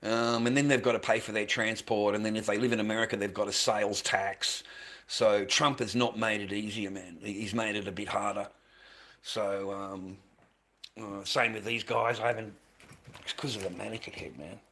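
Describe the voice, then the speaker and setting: Bright-voiced rambling Australian man. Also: lowish voice, steady tone, moderate pace. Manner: rambling, repeats himself, calls viewers mate and man, swears. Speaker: livestreamer selling handmade masks. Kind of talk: casual livestream chat.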